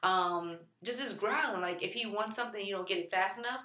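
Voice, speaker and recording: A woman's voice: medium pitch, fairly quick, pushed and bright, echoey room. A woman who is a mother and vlogger, chatting casually to camera in a playful way, using lots of fillers and sometimes turning to talk to her baby. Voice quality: chatty, filler-heavy delivery. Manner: playful, talks to the baby in between.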